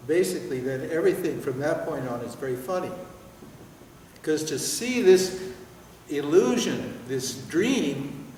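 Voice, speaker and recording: An older man giving a spiritual teaching at a seminar, telling stories in an animated way with laughter and swearing. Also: fairly high pitch, a little slow, a little hiss or hum. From United States. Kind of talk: seminar talk. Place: large hall with audience. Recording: echoey hall, voice from far off.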